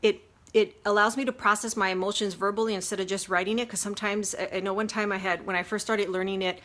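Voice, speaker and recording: Woman chatting thru a self-help livestream, earnest, lots of ums, mid-pitched voice. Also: little pitch movement, fast, a bit bright. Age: adult with a grown daughter. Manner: earnest and chatty, many fillers and restarts. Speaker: life coach. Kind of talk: casual teaching from a livestream. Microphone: phone or webcam livestream.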